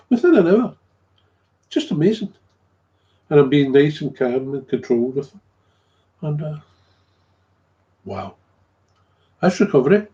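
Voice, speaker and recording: A man's voice: medium pitch, dark tone. A man in a casual, rambling monologue about his recovery, repeating himself and chuckling often. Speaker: recovering alcoholic sharing his story. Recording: dull lo-fi recording.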